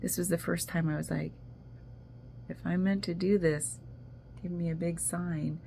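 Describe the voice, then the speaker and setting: A woman's voice: on the low side, steady tone, a little slow, creaky, dark tone, slight background noise. A woman talking casually in a video journal, rambling and emotional as she confides personal news. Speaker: vlogger.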